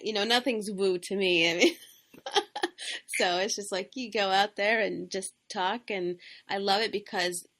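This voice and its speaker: A woman hosting an interview, soft-spoken and affirming in casual conversation. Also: medium pitch, fairly even intonation, measured pace. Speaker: host.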